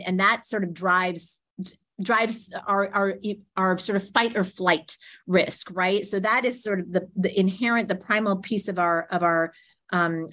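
A woman's voice: on the low side, a bit bright. Woman explaining at length. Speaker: guest expert. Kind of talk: interview answers.

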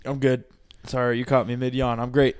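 A man guesting on a casual podcast, playful and prone to loud whoops. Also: mid-range voice, little pitch movement, a little fast, clean tone. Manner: playful, bursts into loud shouts.

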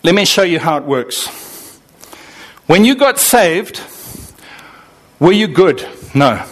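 Animated preacher, high lively voice. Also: male voice, takes it slowly. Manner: animated, acts out voices of believers and God; asks the congregation questions and answers them. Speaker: pastor. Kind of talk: sermon.

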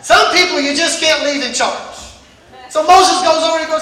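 A high, bright-voiced preacher delivering a Sunday sermon, repeating phrases and rising into shouts. The voice rings around a very echoey church and is picked up from a distance. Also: normal speed. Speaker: pastor. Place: church service.

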